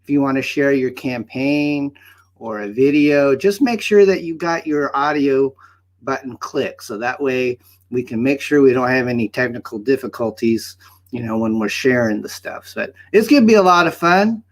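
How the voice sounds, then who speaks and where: A man's voice: medium pitch, normal speed, close to an everyday voice. A man playing a goofy mustached alter-ego of a livestream host, chatty and rambling in a made-up accent. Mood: hammy cheerful. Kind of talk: hosting an open-mic livestream. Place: home studio set.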